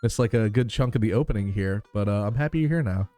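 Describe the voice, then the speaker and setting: A man with a New York accent chats with his live-stream viewers between bits of reading a game. His voice sits on the low side, easygoing and quick to laugh, with casual swearing. Faint game music plays under him. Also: warm tone, no room sound. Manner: chatty, laughs easily, swears casually, talks to chat.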